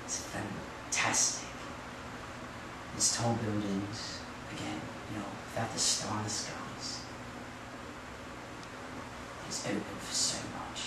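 A smugly menacing immigrant hustler, played by a man in an acting class muses in halting, repeated phrases. The echo of a large room swamps his voice. He is picked up from far off over steady background noise. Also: on the low side, lightly acted. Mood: sinister. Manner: halting, repetitive, quietly sinister musing. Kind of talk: acting-class film monologue. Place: large echoey studio kitchen. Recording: echoey room from far off, noisy.

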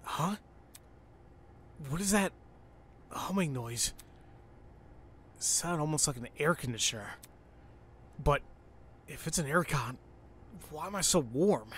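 Excitable man reading a game aloud. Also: on the high side, takes it slowly, long pauses, husky. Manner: excitable, swears and exclaims at the game. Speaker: let's play host. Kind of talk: reading a visual novel aloud with commentary.

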